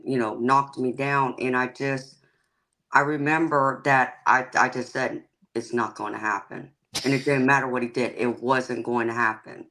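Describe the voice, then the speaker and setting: A woman's voice: very deep voice, fairly bright tone, poor audio. A psychic and tarot reader, a woman, talking frankly and plainly about her life as a guest on a live-stream chat, laughing easily. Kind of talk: candid personal storytelling in a live-stream chat.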